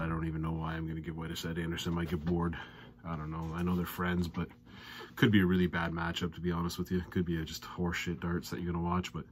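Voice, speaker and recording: A man with an exasperated, ranting manner, giving darts predictions and betting picks as a host. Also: slight background noise. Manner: ranting, exasperated, loud and high when worked up. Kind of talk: sports betting commentary.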